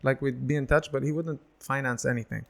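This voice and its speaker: A rapid-fire man in his thirties, a comedian guest on a casual podcast. He tells lively stories at a middling pitch and keeps slipping into the voices of the people he describes. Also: gravelly. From United Arab Emirates. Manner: animated storyteller who acts out other people's lines.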